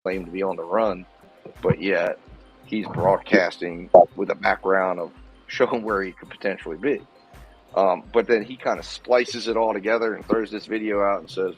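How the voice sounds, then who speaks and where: A man's voice: sits low, steady tone, moderate pace, soft background music, poor audio. A man talking casually on a stream, rambling and hesitant, restarting his sentences often. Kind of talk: casual live-stream talk.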